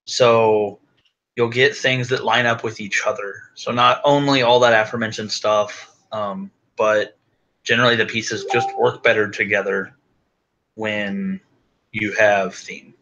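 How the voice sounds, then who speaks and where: A man with a fairly low but bright voice chimes in on a casual chat. He keeps his points short and hesitant, dotted with "um". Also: steady tone, unhurried, lo-fi sound. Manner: brief, hesitant answers with "um".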